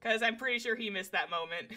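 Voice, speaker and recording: A young woman streaming a game live from home on a desk mic, excitable, swearing freely and talking to her chat. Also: a little high, a little fast, soft background music.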